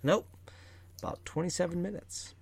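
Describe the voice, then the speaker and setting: A man's voice: sits high, moderate pace, gravelly, breathy edge, no room sound. A man co-hosting a podcast in casual chat, rambling with lots of fillers and restarts. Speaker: podcast co-host.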